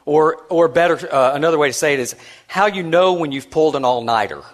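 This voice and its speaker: Male keynote speaker, animated storyteller, chatty and self-mocking, acts out quotes. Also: on the high side, a little fast. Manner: self-deprecating and conversational, with many restarts. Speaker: conference speaker.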